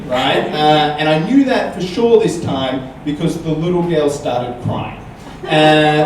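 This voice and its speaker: A man with a fairly high, lively voice tells a stand-up story on stage, tagging his lines with "right?". He sounds distant in a very echoey room, and there is clear noise behind him. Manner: animated, punctuates with "right?". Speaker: comedian guest. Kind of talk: live stand-up storytelling and chat. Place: small comedy venue with audience. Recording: echoey live room, distant mic, noisy.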